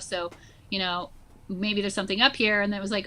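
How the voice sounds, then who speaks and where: Bright-voiced woman in her forties. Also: mid-range voice, quick pace, slight background noise. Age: 40s. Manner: animated storyteller, many fillers like "like" and "you know". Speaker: guest, social emotional learning teacher. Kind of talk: casual conversation.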